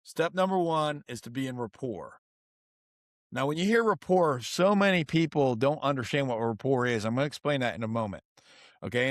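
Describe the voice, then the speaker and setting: Energetic man teaching on a podcast. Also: mid-range voice, no room sound, clean studio sound. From United States. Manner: energetic, instructive, tells stories. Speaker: guest author and coach.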